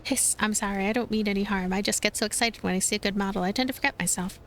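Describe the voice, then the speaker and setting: A man's voice: sits high, fairly even intonation, fast talker, low-quality recording. A woman voicing a creepy male iguana artist in prison, who hisses and speaks with unsettling politeness. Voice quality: hissing.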